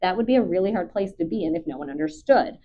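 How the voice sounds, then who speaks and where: A woman dog trainer calmly talking through a training session, chatty and patient with frequent ums. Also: on the low side, fast, slight background noise. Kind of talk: live dog training commentary. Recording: dull lo-fi recording.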